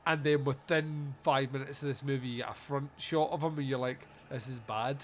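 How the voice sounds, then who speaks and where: A man's voice: mid-range voice, fairly even intonation, a little fast, slight background noise. A man hosting a podcast, recapping a film in casual, sweary, joking chat. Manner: sweary, jokey, quotes scenes in put-on voices. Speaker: podcast host.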